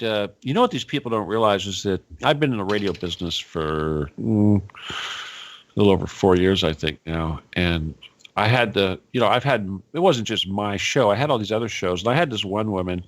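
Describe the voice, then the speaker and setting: A man hosting a talk radio show, chatting casually and rambling, with frequent laughs and animated asides. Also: on the low side.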